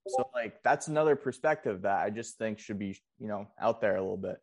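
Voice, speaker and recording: A man's voice: fairly low pitch, a little fast, darkish tone. A man hosting a casual podcast interview, rambling and restarting his questions as he goes. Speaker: podcast host.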